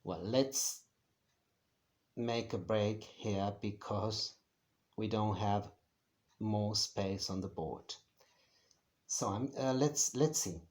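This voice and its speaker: A man's voice: fairly low pitch, darkish tone. Patient male teacher, at a board in a roomy, echoing room. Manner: slow, patient, with many pauses and fillers. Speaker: Spanish teacher. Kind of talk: beginner language lesson at a whiteboard.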